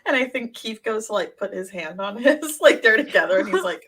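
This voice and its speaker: A woman's voice: medium pitch, expressive, brisk, fairly bright tone, breathy edge. A woman co-hosting a casual TV review chat, retelling favorite scenes and laughing often. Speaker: podcast co-host.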